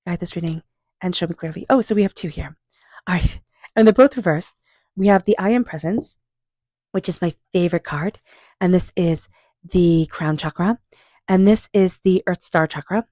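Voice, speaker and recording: Calm, low-voiced woman reading tarot. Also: no room sound, clean studio sound. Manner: calm, unhurried, affirming, softly repeats invocations to spirit guides. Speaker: tarot reader. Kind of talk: tarot card reading monologue.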